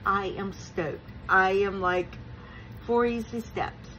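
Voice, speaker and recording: Lady unboxing craft stuff, super excited, gaspy, noisy room behind her. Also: mid-range voice, takes it slowly. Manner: gushing, breathless excitement with gasps. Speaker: crafting vlogger. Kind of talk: unboxing vlog chat.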